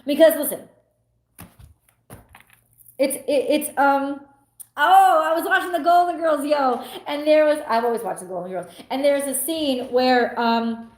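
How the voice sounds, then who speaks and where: A woman's voice: high voice, unhurried, pauses often, reverberant. A woman tarot reader in a casual spiritual monologue, blunt and emphatic, swearing freely and firing rhetorical questions.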